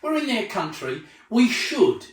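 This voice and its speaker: A man conducts a casual interview with a high, lively voice, adding "yeah" as he goes and restarting often. He sounds far from the mic in a very echoey room. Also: a little slow, crowd noise. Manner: loose chatty questions, frequent restarts and "yeah" tags.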